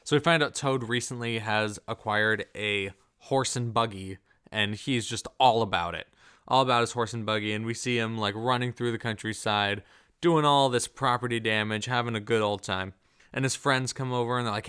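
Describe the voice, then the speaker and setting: A man's voice: medium pitch, moderate pace, fairly bright tone, clear, resonant tone. A man casually reviewing a film, rambling with many fillers and puzzled rhetorical questions. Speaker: movie reviewer.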